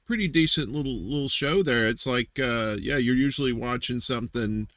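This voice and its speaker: Joking guy hosting a video call stream, rambly, lots of restarts, bright dry voice. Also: medium pitch, normal speed, dry recording. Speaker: host. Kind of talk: casual live-stream chat.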